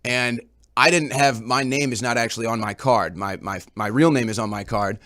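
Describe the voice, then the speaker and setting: A man's voice: medium pitch, steady tone, moderate pace, bright, forceful tone. Rambling man telling stories on air. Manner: rambling storytelling, repeated words. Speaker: show reporter. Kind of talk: casual on-air recounting.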